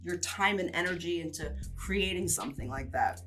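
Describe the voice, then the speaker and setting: A woman's voice: lowish voice, normal speed, soft background music. An English teacher, a woman, chatting casually and enthusiastically about costumes. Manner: enthusiastic, animated storyteller. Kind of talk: casual chat.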